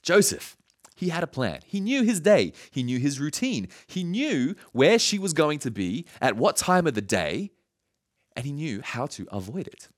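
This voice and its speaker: A man preaching a sermon as a pastor, telling a story in a lively way with laughs and asides. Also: a little high, moderate pace.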